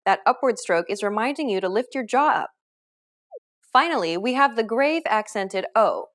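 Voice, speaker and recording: Lively, high-voiced woman teaching pronunciation. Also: moderate pace. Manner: clear, upbeat explanations with modeled example words. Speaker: language teacher. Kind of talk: scripted pronunciation lesson.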